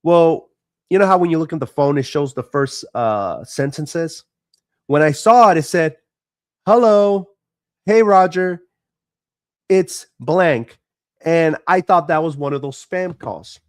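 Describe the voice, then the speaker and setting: A man's voice: a little high, animated, slow pace, pauses often, no room sound, studio quality. A man streaming live, frankly telling a personal family story in a casual, profane and emotional way.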